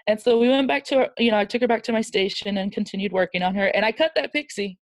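A woman speaking as a podcast guest, recounting a personal story with candid feeling. She slips into the voices of the people in her tale, rising and falling as she quotes them. Her voice sits at an ordinary pitch and sounds dry and close. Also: quick pace, dry recording. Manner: animated storyteller who acts out quoted dialogue; warm, emotional and candid.

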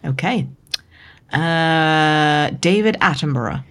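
A woman's voice: deep voice, lively intonation, slow pace, clear, resonant tone. A woman co-hosting a casual book podcast, trading playful, joking banter. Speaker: podcast co-host. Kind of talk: casual chat.

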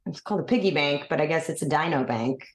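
Calm, amused woman in a roomy space. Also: deep voice, fast talker. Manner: calm, amused, laughs often. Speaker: doctor and podcast co-host. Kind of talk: casual chat. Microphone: video call. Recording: roomy video call audio.

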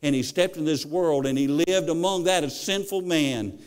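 A man's voice: a little high, normal speed, smooth. A male preacher giving a sermon, telling stories and often repeating his words as he goes.

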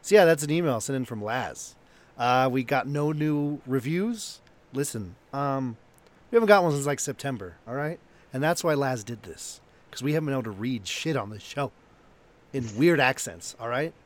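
A man's voice: medium pitch, expressive, normal speed. A man hosting a podcast, chatting casually and laughing at himself as he reads listener mail. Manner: laughing, self-deprecating. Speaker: podcast host.

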